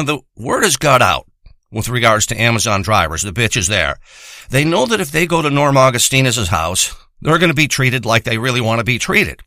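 Man, bright sharp voice, dry close sound, profane rambling comic monologue, boastful. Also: mid-range voice, no echo.

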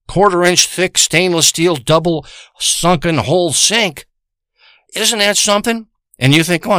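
A man's voice: high voice, bright, forceful tone, no echo, studio quality. A man delivering a crude, heavily profane comic rant full of warnings to the listener.

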